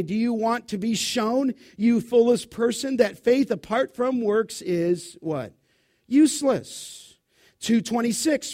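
A pastor preaching an expository sermon, emphatic, posing rhetorical questions and answering them himself. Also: male voice, high voice, darkish tone. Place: church.

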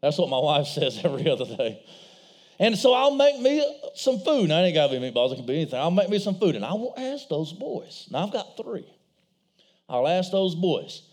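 A middle-aged man preaching a sermon in a church, telling stories with animated voices. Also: on the high side, a little fast. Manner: animated storytelling, acts out voices. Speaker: pastor.

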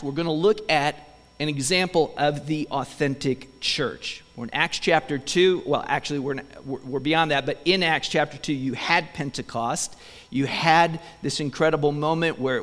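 A man preaching a sermon as pastor, conversational with joking asides to the congregation. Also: a little high. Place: church sanctuary. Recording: long reverb of a church hall.

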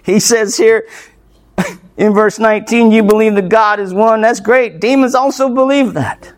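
Emphatic high-voiced male preacher. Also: measured pace. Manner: emphatic, rhetorical questions, frequent "right?"; playful asides with light laughs. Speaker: pastor. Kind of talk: expository sermon.

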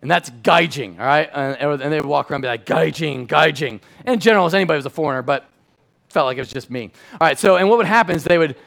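A middle-aged man preaching a sermon in a church in a lively, conversational way, moving between loud and hushed passages. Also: a little high, racing, gravelly. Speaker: pastor.

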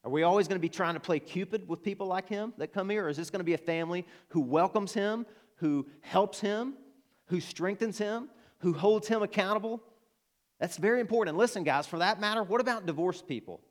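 Pastor, man, Arkansas accent, earnest emphatic sermon delivery, voice sits a bit high. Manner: earnest, emphatic, rising to passionate appeals. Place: church.

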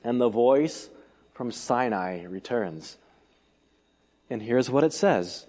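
A man preaching an expository sermon, emphatic, asking rhetorical questions and swinging between loud and soft delivery. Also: mid-range voice, sing-song, slow pace, long pauses, long reverb tail. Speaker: pastor.

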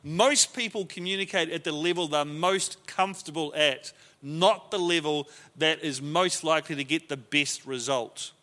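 A man's voice: a little high, moderate pace, pushed and bright, in a large hall. A man teaching a leadership class to a group in a conversational way, often acting out the lines he quotes.

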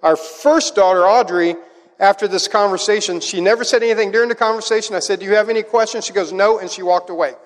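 A middle-aged man with a high, bright speaking voice preaches to a congregation, weaving personal stories into his sermon. He tells them with lively energy, and his words ring out with a long hall echo. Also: fast talker. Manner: animated storytelling, acts out a child's voice in quotes. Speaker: pastor.

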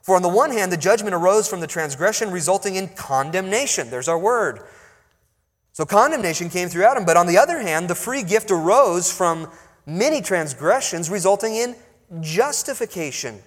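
A pastor delivers an expository sermon, pausing for emphasis while he reads and explains scripture in an expressive way. His voice is a little high for a man, and a long reverb suggests a large hall.

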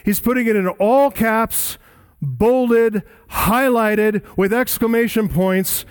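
A male preacher delivering a sermon, emphatic, rising for stress and dropping low for weight. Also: takes it slowly, smooth. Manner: emphatic, swinging between loud rises and low drops.

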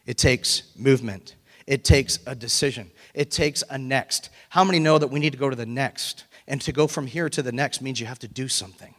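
A male pastor preaching a lively, animated sermon to his congregation. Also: mid-range voice, brisk. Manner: animated, breaks into excited shouting and laughter. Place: church sanctuary. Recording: long reverb of a hall.

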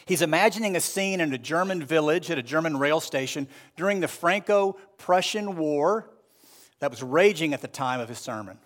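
A male pastor delivering a sermon with a slightly high, clear voice. He speaks earnestly and at a measured pace, stretching out key phrases for weight. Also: fairly bright tone. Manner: earnest, measured preaching with slow emphatic phrases.

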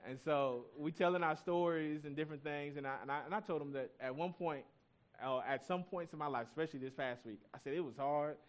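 A man's voice: a little high, a little fast. Conversational male pastor preaching. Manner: conversational preaching, reads scripture, asides to the congregation. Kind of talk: sermon.

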